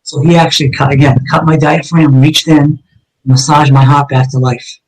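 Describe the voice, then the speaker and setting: A man's voice: fairly high pitch, steady tone, moderate pace, darkish tone, poor audio. A man, a retired police detective, earnestly recounting an emotional personal story in an interview, with frequent ums and uhs.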